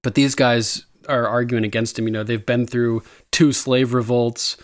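A man's voice: medium pitch, little pitch movement, moderate pace. A man co-hosting a podcast, chatting enthusiastically about a TV episode, laughing often and acting out the lines he quotes. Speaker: podcast co-host. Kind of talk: casual chat recapping a TV episode.

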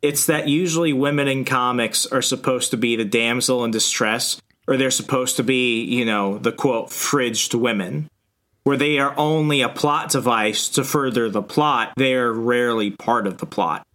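A man in a casual comic book discussion gives confident, opinionated takes. His voice is mid-pitched and even. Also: moderate pace.

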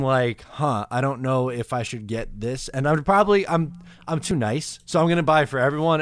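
A man's voice: mid-range voice, no room sound. A man in his twenties hosting a podcast, chatting in an easygoing way and laughing often. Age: 20s. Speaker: podcast host. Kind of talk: casual chat.

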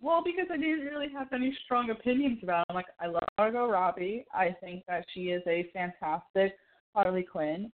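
Chatty woman on a tinny line. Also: mid-range voice. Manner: animated, swearing, quick asides. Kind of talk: casual chat. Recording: tinny phone-like sound.

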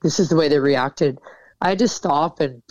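A woman's voice: low-pitched, moderate pace, darkish tone, dry recording. A woman military veteran talking candidly in an interview, casual and frank, swearing freely. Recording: dull, dry sound.

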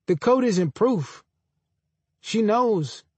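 A young male coworker, blunt and laid-back, talking in casual slang, as a man reads him. His voice sits a bit higher than the narration and sounds close and dry. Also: lively intonation, very slow, darkish tone, breathy edge, no room sound, exaggerated voice.

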